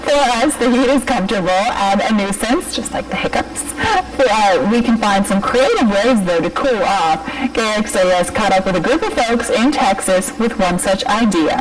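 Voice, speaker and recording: A woman's voice: medium pitch, lively intonation, normal speed, few pauses, recorded from a distance, music in the background, poor audio. A woman meteorologist delivering a live TV weather forecast while struggling with hiccups. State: has the hiccups.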